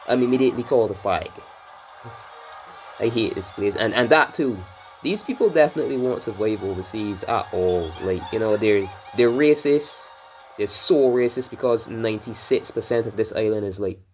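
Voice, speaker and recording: A man's voice: lowish voice, a little mellow. A man from Barbados giving casual, rambling commentary while playing a racing game, drifting into swearing rants. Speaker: gameplay commentator.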